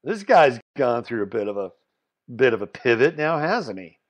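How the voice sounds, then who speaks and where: A man hosting a solo commentary podcast, talking bluntly and swinging between loud emphasis and muttered asides. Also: medium pitch, sing-song, normal speed, muffled recording. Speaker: podcast host.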